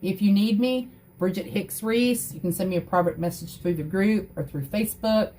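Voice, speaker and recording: A woman's voice: mid-range voice, moderate pace, dark tone, a little hiss or hum. A middle-aged woman hosting a crafting livestream, chatting earnestly and greeting viewers by name. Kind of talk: casual livestream chat.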